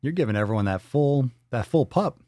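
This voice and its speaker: A man's voice: mid-range voice, lively intonation, fairly quick, dark tone, no echo, clean studio sound. A man hosting a casual livestream, playful and swearing freely, cooing at his dog in baby talk. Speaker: livestream host.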